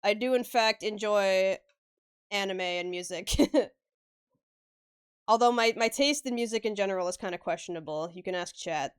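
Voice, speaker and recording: Woman streamer with a smooth voice, chatty and loose, cursing casually between laughs. Mid-pitched, easygoing stream talk while she works on a drawing. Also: normal speed, pauses often. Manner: chatty, swears casually, laughs often, answers chat. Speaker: live-stream artist.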